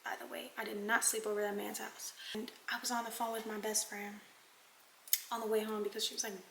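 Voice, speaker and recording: A young woman vlogger telling a casual storytime, animated and talking straight to her viewers, sometimes dropping into dramatic whispers. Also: medium pitch, brisk, vocal fry, slight background noise. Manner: addresses viewers as y'all.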